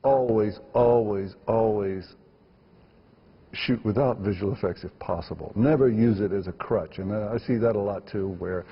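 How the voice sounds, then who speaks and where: A man's voice: lowish voice, moderate pace, husky, in a large hall, highs cut off. A man, a filmmaker guest, answering interview questions emphatically and repeating words for stress.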